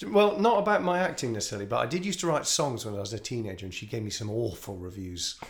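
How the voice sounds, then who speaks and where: A man, hosting a relaxed podcast chat. His voice sits at an ordinary middle pitch. He rambles and jokes, laughing easily as he talks. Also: quick pace. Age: 40s. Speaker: podcast host. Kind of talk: casual chat. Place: empty shop.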